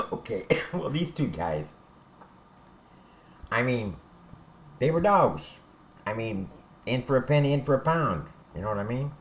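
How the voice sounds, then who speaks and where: Over a faint hiss or hum, a man with a medium-pitched voice tells stories from prison at a measured pace, his pitch swinging widely and long pauses breaking things up. Having served time himself, he talks bluntly and profanely in a relaxed storytelling style, checking in with "all right?"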